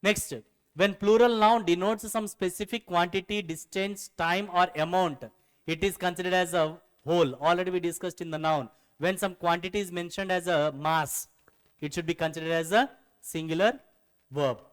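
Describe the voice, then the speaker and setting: A man's voice: sits high, fairly even intonation, moderate pace, clear, resonant tone, big-room sound. A man teaching a grammar lesson, explaining rules step by step and repeating key phrases.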